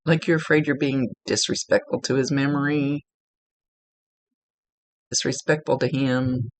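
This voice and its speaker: A woman working as a psychic medium, giving a one-on-one reading and talking in a halting way, often searching for her words. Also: very deep voice, steady tone, no room sound, low-quality recording.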